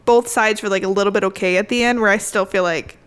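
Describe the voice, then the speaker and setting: A woman's voice: mid-range voice, steady tone, quick pace, clean tone. A woman in her twenties co-hosting a podcast, chatting casually and jokily with frequent swearing. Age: 20s. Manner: playful, swears freely, jokey. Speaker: podcast co-host. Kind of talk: casual chat.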